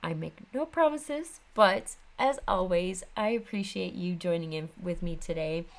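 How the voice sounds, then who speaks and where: A woman's voice: on the low side, a little slow. A woman in her thirties with a Midwestern American accent, hosting a casual crafting vlog and rambling chattily with lots of ums. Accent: Upper Midwest American. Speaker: craft channel host.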